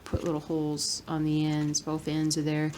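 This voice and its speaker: A woman, chatting softly and rambling as she cross-stitches. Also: deep voice, completely flat delivery, normal speed, slight background noise. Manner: soft-spoken, rambling, murmurs to herself while working. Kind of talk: relaxed stitch-along chat.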